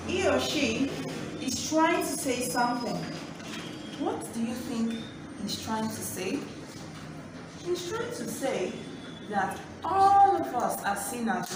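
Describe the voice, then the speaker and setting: A woman teaching an online literature lesson, speaking slowly and clearly, repeating key points and putting questions to the class. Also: a little high, expressive. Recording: distant mic in an echoey room with background noise.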